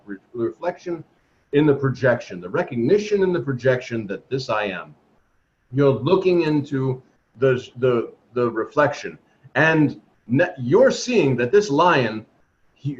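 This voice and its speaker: Man with lively pitch on a muffled call. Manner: earnest, repetitive emphatic phrasing. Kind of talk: spiritual group discussion. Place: home, video call. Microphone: video call. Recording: muffled video-call audio.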